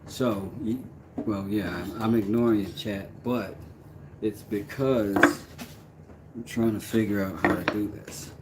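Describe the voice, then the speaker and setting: A man's voice: lowish voice, fairly even intonation, measured pace. A man streaming live and chatting casually while doing woodwork, joking and talking to himself as he goes. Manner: jokey, talks to himself while working. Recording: noisy background ambience.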